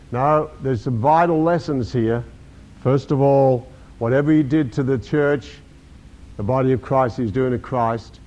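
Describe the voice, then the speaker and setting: A man's voice: medium pitch, unhurried, darkish tone. An older man preaching a sermon, emphatic, repeating key words and acting out the scripture he quotes. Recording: dull lo-fi recording.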